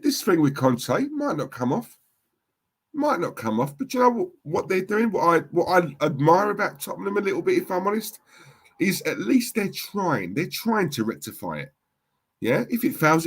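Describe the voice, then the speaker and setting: A middle-aged man hosting a football watchalong, reacting loudly to the game and reading out chat comments. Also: mid-range voice, husky. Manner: animated, reacts loudly to goals and reads chat.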